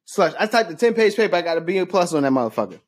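Husky laid-back young man. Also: high voice, very animated, very fast. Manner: laid-back storytelling with restarts. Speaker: podcast guest. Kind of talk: casual chat.

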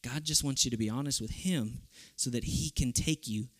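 A man from South Texas preaching to young people, animated and humorous, acting out voices in his stories. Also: mid-range voice, normal speed. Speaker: youth camp speaker. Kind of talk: youth sermon with storytelling.

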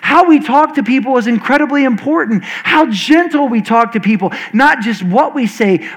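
A man in his forties preaching a sermon as a pastor, talking fast and earnestly with frequent restarts. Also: very high-pitched, a bit bright, rough recording.

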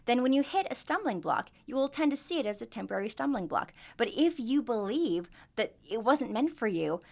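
A woman who is a guest on a podcast, talking in an animated way and laughing easily. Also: a little high, fairly quick, vocal fry. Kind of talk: casual interview chat.

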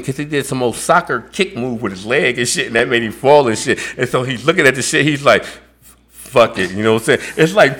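A man from the United States hosting a casual podcast, telling animated stories in street slang and acting out quotes. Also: a little high, a little hiss or hum. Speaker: podcast host.

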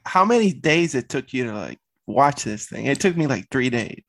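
A man's voice: mid-range voice, big pitch swings, moderate pace. A man co-hosting a casual movie-review chat, bantering loosely and swearing. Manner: laid-back, profane banter. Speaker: podcast co-host.

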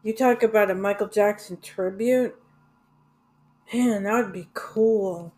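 A woman's voice: medium pitch, measured pace, a little mellow. A woman in a casual rambling monologue about music, hesitant, with many fillers and restarts and some blunt swearing. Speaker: music vlogger.

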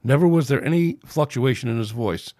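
A man narrates his own space adventure story in a plain, homespun reading. His voice sits at an ordinary pitch and is recorded dry and close, with no room sound. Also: fairly quick, mellow, no echo. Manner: plain, unpolished reading with restarts. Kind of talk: amateur audiobook narration.

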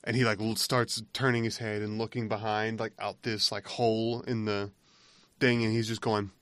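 A man's voice: fairly low pitch, flat delivery, normal speed, fairly bright tone, slight background noise. Rambling man chatting on a podcast. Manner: rambling, laughs at his own retelling. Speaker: podcast co-host. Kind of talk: casual chat.

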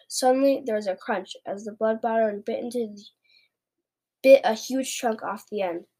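A woman's voice: on the high side, warm tone, poor audio. Woman reading a storybook aloud. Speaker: reader.

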